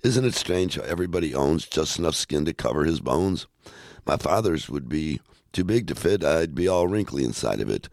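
Deep gravelly man reading poems aloud. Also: normal speed, no room sound, studio quality. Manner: playful, expressive read-aloud delivery.

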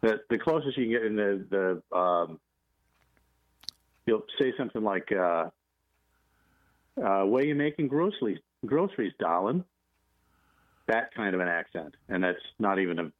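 A man's voice: low-pitched, dry recording. A man from New Orleans calling in by phone, chatting casually and hesitantly, often repeating words. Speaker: caller on the phone. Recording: dull phone line.

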